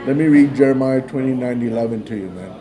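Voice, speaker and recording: A man's voice: mid-range voice, fast. A man casually retelling a story in a loose, rambling way, peppered with "man" and "like". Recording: busy crowd chatter behind.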